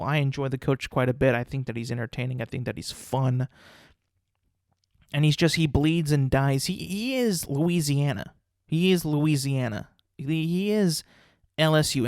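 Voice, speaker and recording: A man's voice: mid-range voice, dry recording, clean studio sound. A young man hosting a podcast, ranting casually about sports, rambling and repeating words as he restarts sentences. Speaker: podcast host.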